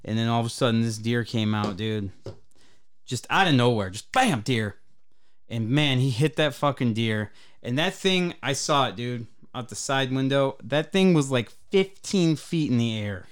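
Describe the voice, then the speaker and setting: Michigan guy on a podcast, smooth clear voice, cussing his way through a story. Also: medium pitch, animated, normal speed. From Michigan, USA. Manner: profane, rambling anecdote-telling. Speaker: podcast co-host. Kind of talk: casual chat, storytelling.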